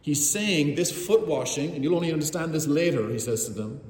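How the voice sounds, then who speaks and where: A man's voice: a little high, animated, fairly quick, a little mellow. A man preaching a sermon, telling the story vividly and speaking directly to his congregation. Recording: roomy hall with long reverb.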